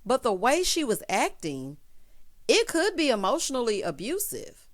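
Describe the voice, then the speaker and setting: A woman's voice: fairly high pitch, huge pitch swings, moderate pace. A woman recapping a reality show in a chatty, sassy way, full of quips like "child" and "honey". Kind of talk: casual opinionated show recap.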